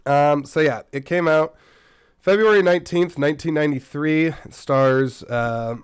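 Worn-out guy rambling on his podcast, smooth clean voice, dry close mic. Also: on the high side, moderate pace, no room sound. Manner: rambling, self-correcting, chatty asides. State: recovering from a stomach bug, a bit tired. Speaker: podcast host. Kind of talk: casual solo podcast chat.

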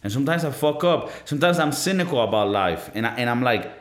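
In a rambling solo podcast episode, a man in his thirties swears freely and keeps making jokes at his own expense. His medium-pitched voice is animated and fast, with hardly any pauses, and echoes around the room.

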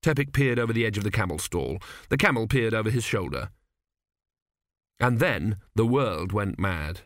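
A man's voice: on the low side, lively intonation, normal speed, no room sound, clean studio sound. Man reading a comic novel aloud. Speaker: audiobook narrator. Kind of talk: scripted comic narration.

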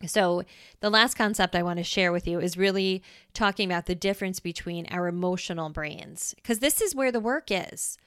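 A female podcast host talks solo in a casual, chatty way, her smooth, clear voice sitting on the low side. She explains ideas while checking in with the listener ("right?") and acting out quick voices, all captured in a close, dry recording.

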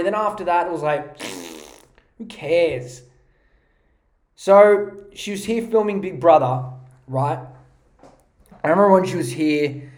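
A man's voice: sits high, a little mellow, roomy sound. A man hosting a podcast, ranting in a mocking, profane comedic style on a podcast mic. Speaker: podcast host.

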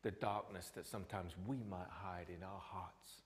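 Impassioned preacher in a reverberant hall. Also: male voice, sits low, flat delivery, normal speed. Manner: swings from loud emphasis to hushed whispers. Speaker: pastor. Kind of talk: sermon. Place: church.

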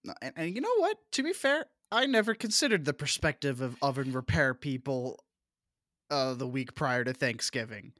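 A podcast co-host in loose conversation, tossing off wry remarks and laughing at their own jokes. The voice is mid-pitched, recorded dry and close with no room sound. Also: sing-song, normal speed, fairly bright tone, dry recording. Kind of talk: casual chat.

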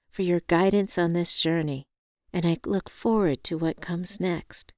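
A woman reads a first-person novel aloud in a calm, measured way. Her voice sits a little low and sounds smooth and crisp, recorded close and dry. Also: no echo. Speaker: audiobook narrator. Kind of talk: scripted first-person narration.

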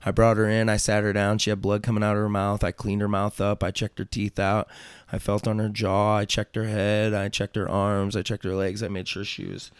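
A man's voice: lowish voice, completely flat delivery, a little fast, smooth, no room sound, clean studio sound. A man, a tattoo artist as interview guest, telling a story in loose, rambling casual talk with plenty of fillers and swearing.

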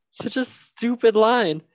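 A podcast co-host recapping a TV episode in casual chat, laughing often. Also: medium pitch. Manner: laughs often, loose and chatty.

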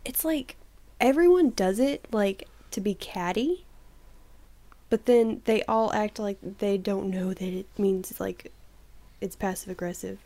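A woman's voice: medium pitch, mellow. A woman co-hosting a podcast, chatting casually in a blunt, swearing way and explaining slang. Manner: blunt and swearing, quick asides. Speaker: podcast co-host. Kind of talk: casual chat.

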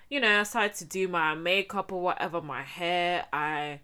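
A woman's voice: on the low side, normal speed, hardly any pauses, pushed and bright, smooth. A young woman from Spain telling her life story to viewers in a chatty, slangy, casual way. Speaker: vlogger.

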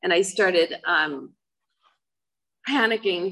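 A woman's voice: on the low side, brisk, sharp tone, poor audio. A middle-aged woman giving a personal testimony talk, earnest and emotional, with many fillers. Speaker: speaker sharing her life story.

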